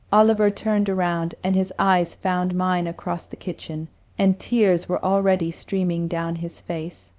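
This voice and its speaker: A woman narrating a first-person family story as a mother, in a steady, emotional storytelling manner. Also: medium pitch, no echo, clean studio sound.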